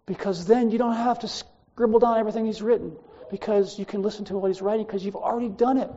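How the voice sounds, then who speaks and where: A man's voice: sits high, steady tone, quick pace, warm tone, muffled recording. A man teaching a Bible class, lecturing and telling stories from his school days to students, speaking to them directly in a chatty way.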